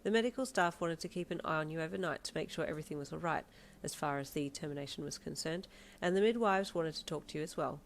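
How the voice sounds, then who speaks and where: A woman's voice: deep voice, quick pace, slight background noise. Woman narrating an audio fanfic.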